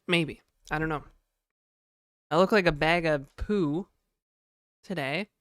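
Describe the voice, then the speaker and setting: A man's voice: on the high side, slow, a bit bright, dry recording, studio quality. A young man livestreaming casually, slightly nasal from a cold, chatting and rambling as he greets viewers by name. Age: young adult. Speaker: livestreamer and game developer.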